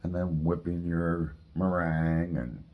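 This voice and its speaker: A man's voice: sits low, slow pace, lo-fi sound. A man hosting a home cooking video, chatting casually while he tastes his dessert. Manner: chatty, relaxed, tasting while talking. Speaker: cooking channel host.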